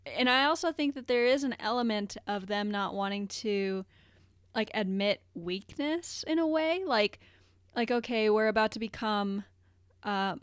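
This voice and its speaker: Female podcast co-host, mid pitch, relaxed and chatty, dry close-mic sound. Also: a little slow, clean tone, dry recording. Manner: thoughtful, conversational, lots of fillers. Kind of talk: casual podcast discussion.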